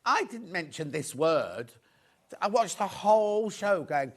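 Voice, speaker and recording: Chatty man, lively high voice. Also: takes it slowly. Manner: chatty, rambling, full of anecdotes. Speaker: shopping channel presenter. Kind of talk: live TV shopping presentation.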